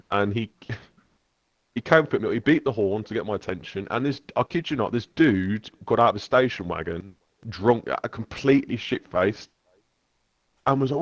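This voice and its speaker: A man with an English accent, a podcast host telling a travel story in casual, animated chat and swearing freely. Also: lowish voice, no echo, dull audio. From England. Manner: animated, swearing, loud shifts when quoting others.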